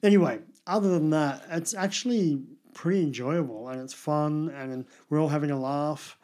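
Male co-host, chatty and rambling, fairly high-pitched, casual banter. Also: moderate pace, a little mellow. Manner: chatty, rambling, self-deprecating. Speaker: podcast co-host. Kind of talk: casual chat about TV and movies.

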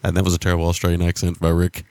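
A man co-hosting a film podcast in casual chat, talking quietly. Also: monotone, rapid-fire, a little hiss or hum. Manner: speaks quietly, soft and low. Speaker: podcast co-host.

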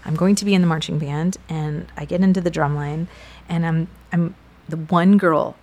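A middle-aged woman from South Texas talks through her memories in a relaxed conversation. Her voice sits low with a gravelly, creaky texture. She tells it in an animated, filler-heavy way. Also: normal speed. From South Texas, USA. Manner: animated storytelling with many fillers. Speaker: guest sharing her story. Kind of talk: casual conversation.

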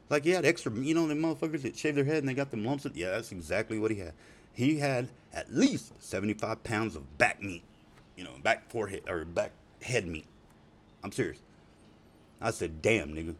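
A middle-aged man rambling in a profane, emotional personal video message to his family, laughing and tearing up. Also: lowish voice. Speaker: father speaking to family.

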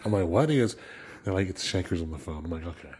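A man's voice: sits low, quick pace, a little hiss or hum. A man, a guest musician, telling anecdotes in a casual chat, laughing often and repeating words as he goes. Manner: animated storyteller, laughs a lot, repeats words.

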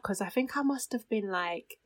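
A young woman telling a personal story in casual chat, lively and quick to laugh. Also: medium pitch. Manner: animated storyteller, bursts into laughter.

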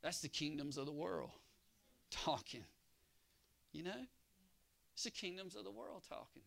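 A man preaching a sermon who moves from hushed storytelling to loud exhortation and keeps calling for an amen from his congregation. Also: high-pitched, animated, moderate pace, vocal fry, pauses often. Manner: calls for congregation response.

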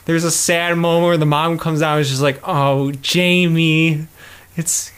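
A man with a slightly higher voice talks through a movie's plot in a loose, joking way. He swears freely, laughs often, and slips into quick voices to act out what the characters say. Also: smooth. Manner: swearing, laughing, animated retelling with quoted lines. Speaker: podcast co-host. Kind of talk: casual movie recap chat.

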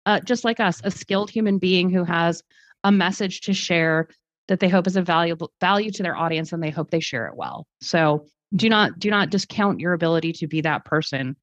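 A woman's voice: fairly low pitch, a little fast, dry recording. A woman talking thoughtfully in a podcast conversation, explaining her ideas with restarts and fillers. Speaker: guest speaker. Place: lives in Germany. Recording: dull lo-fi sound, dry.

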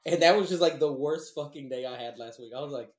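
A man in casual podcast chat, swearing a lot and laughing often as he tells animated stories. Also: fairly high pitch, fast. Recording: roomy echo.

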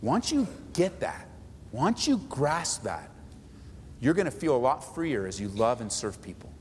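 A man, a pastor, preaching an animated, emphatic sermon in a church hall. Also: medium pitch, unhurried. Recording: echoey hall, faint noise.

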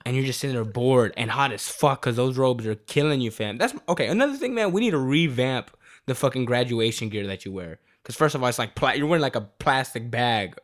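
A man in his twenties talking in casual chat, telling stories in an animated, profane and slangy way. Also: mid-range voice, fairly quick.

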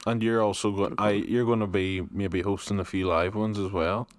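A man's voice: fairly low pitch, fairly even intonation, no echo. A young man with a Liverpool accent, co-hosting a podcast and bantering casually with his co-host. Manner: joking, quick, banter-heavy. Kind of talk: casual chat.

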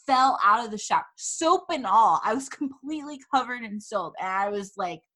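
A woman's voice: on the high side, expressive, moderate pace, pushed and bright. A woman hosting a casual chat show, telling a story dramatically with plenty of swearing and laughter. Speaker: podcast host.

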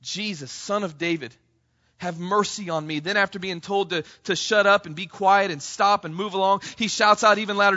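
Man, preacher, high bright voice, impassioned sermon, slightly dull recording. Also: fairly even intonation, normal speed. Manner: impassioned, rising to near shouts on quoted cries; addresses congregation as "church", frequent "right?". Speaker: pastor.

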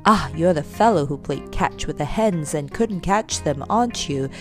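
Storybook role: woman doing a big kindly horse, gentle teasing tone. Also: deep voice, expressive, moderate pace, music in the background. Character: strong big brown male horse, kindly.

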